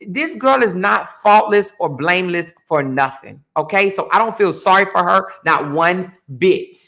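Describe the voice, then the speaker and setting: A woman's voice: fairly low pitch, animated, unhurried, fairly bright tone. A woman hosting her own livestream and ranting in a heated, blunt, profane way, repeating her points. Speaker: livestream host. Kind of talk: casual livestream rant.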